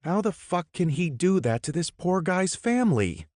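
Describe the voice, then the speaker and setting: A man's voice: lowish voice, lively intonation, measured pace, a little mellow, no room sound, studio quality, voice pushed up. A man voicing Derek, a blunt, firm team leader.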